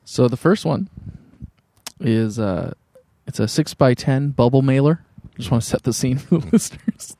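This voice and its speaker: A man's voice: medium pitch, animated, normal speed, creaky, mellow, dry recording. A man co-hosting a podcast, making joking asides and reading out listener mail. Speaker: podcast co-host. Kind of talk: casual chat.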